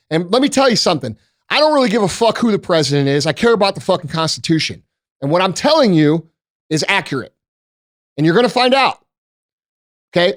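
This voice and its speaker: An American man with a high-set voice rants as a podcast host, profane and forceful, firing off one rhetorical question after another. The sound is dry and close, with no room around it. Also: no room sound. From United States. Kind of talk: ranting podcast monologue.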